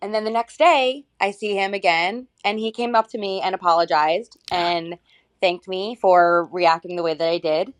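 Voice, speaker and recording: A woman leaving a message for a podcast, gently telling a personal story with a reflective, easygoing manner. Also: on the low side, normal speed. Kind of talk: casual storytelling.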